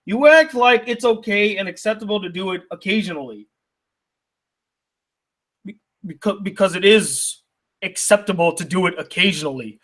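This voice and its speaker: A man's voice: sits high, expressive, normal speed, long pauses, a bit bright. A young man reading out viewer mail on his channel and ranting at it, indignant and argumentative, firing rhetorical questions. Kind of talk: heated ranting commentary.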